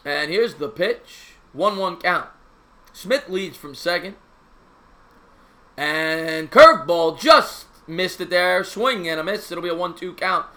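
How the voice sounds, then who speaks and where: Bright, excitable New play-by-play man. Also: sits high, slow. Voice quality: chatty, excitable, slangy. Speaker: live stream play-by-play host. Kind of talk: casual live play-by-play with chat replies.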